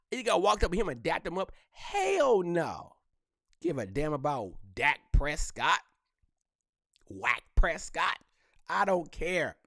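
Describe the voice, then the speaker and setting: A man hosts a casual solo podcast, ribbing and joking in loose trash talk. His voice sits a little high and leaps all over in pitch. The sound is dry and close to the mic. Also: no room sound. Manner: animated, joking trash talk with frequent laughs. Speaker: podcast host.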